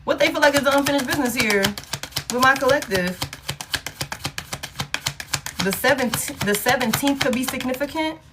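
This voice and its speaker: Against a noisy background, a high-voiced woman speaks at normal speed with long pauses while doing a casual tarot reading. Profane and blunt, she repeats key lines for emphasis and keeps laughing between remarks.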